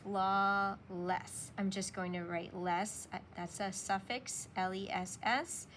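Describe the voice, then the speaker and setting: A woman's voice: medium pitch, measured pace, slight background noise. A woman teacher walking young children through a spelling lesson, patiently sounding out letters and sounds.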